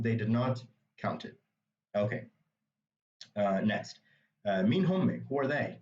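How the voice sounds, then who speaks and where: A man's voice: on the low side, darkish tone, echoey room, recorded from a distance, muffled recording. A man teaching a language, explaining a reading passage step by step in a patient way with many asides. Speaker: Arabic dialect teacher.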